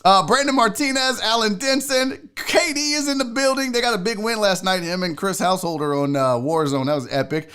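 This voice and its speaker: A man hosting a casual livestream, joking around, giving chat shout-outs and swearing freely. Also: sits high, a little fast, hardly any pauses, clean tone. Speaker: host.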